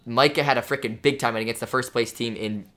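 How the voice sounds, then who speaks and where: A man's voice: medium pitch, steady tone, a little fast, fairly bright tone. A young man, a pro volleyball player, co-hosting a podcast in rambling casual chat. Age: young adult. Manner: rambling, lots of "dude" and "like".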